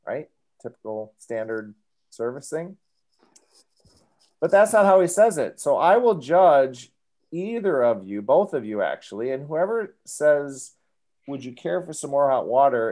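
A man's voice: mid-range voice, big pitch swings, a little slow, warm tone. A man hosting a casual podcast and running a playful quiz game, teasing his guests. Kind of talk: casual chat.

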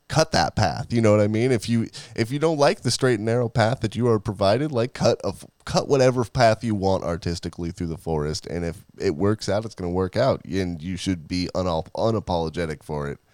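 Low voiced podcast guy, rambly n laughy, swears a lot, dry mic. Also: a little mellow, clear, resonant tone, no echo. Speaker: podcast co-host. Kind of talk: casual chat.

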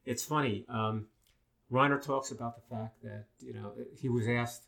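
An older man from Long Island, New York, telling stories in a casual chat, animated and full of fillers. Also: medium pitch, normal speed, gravelly. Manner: animated storyteller with many fillers.

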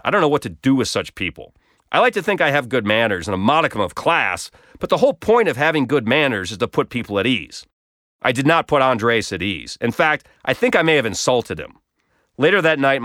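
A man's voice: mid-range voice, fairly bright tone, no room sound, studio quality. Wry man telling a personal story. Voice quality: wry, self-deprecating, conversational. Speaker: blog storyteller.

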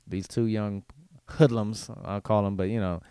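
A man with a smooth, resonant voice tells stories in casual podcast chat. His delivery is animated and profane, and he acts out the lines of the people in his stories. The sound is close and dry. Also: fairly low pitch, normal speed, no echo. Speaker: podcast guest comedian.

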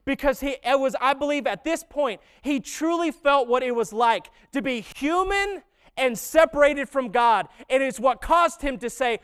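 A man preaching a sermon as pastor, talking in a conversational way and rising to slow, emphatic stresses. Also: extremely high pitch, animated, a bit bright.

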